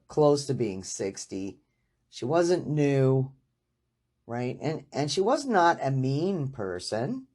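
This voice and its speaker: A woman's voice: rumbling low, a little mellow. A woman vlogger telling a personal story in a chatty way, laughing and adding frequent asides. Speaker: weight loss vlogger. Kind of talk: casual storytelling to camera.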